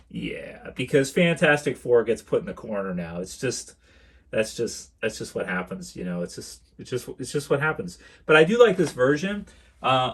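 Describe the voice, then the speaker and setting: A man's voice: mid-range voice, fairly bright tone. A man in the middle of his range talking loosely as he walks through a collection on video. He rambles, repeats himself and restarts sentences as he goes. He often calls his viewers "dudes". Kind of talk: casual collection tour vlog.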